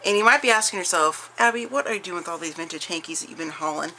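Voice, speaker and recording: A woman's voice: on the low side, quick pace, sharp tone, slight background noise, rough recording. A middle-aged woman showing off a craft haul in chatty show-and-tell style, gushing over each piece with many fillers and restarts. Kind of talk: casual show-and-tell chat.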